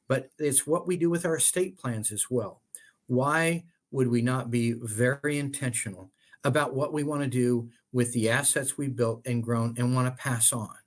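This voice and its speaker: An older man, an estate planning attorney as guest, speaking earnestly and heartfelt, with many halting restarts. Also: medium pitch. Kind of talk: earnest interview talk.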